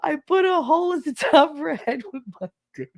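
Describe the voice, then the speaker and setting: A woman doing a gullible young man who is sure he has done something terrible, wailing in a frantic, rushed rush of words. The voice is pitched well above her own speaking voice, and it comes out fast. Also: lively intonation. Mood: panicked.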